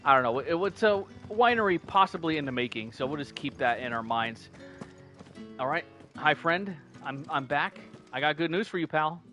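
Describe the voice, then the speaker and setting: A man's voice: a little high, expressive, normal speed, pushed and bright. A man casually chatting and rambling as he streams a video game, with many fillers and restarts. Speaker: gaming streamer. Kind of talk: casual let's-play commentary. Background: game music.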